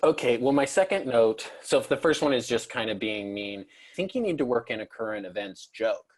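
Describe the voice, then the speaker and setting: Deadpan man giving mock advice. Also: mid-range voice, a little fast. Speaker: comedy show co-host. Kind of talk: mock-serious comedy coaching.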